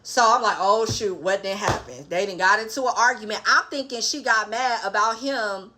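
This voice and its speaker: A young adult woman giving a sassy, animated casual recap of a reality dating show, laughing and quoting the cast in asides. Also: mid-range voice, moderate pace, few pauses, a little hiss or hum. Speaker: reality TV reviewer.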